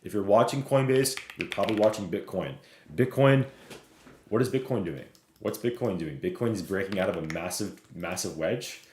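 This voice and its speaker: A man with a fairly low voice runs through stock charts on a live stream, reading chat messages and tagging his points with "right?" and "okay?". His voice carries a roomy echo. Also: darkish tone, a little hiss or hum. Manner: fast, repeats "right?" and "okay?", reads chat aloud.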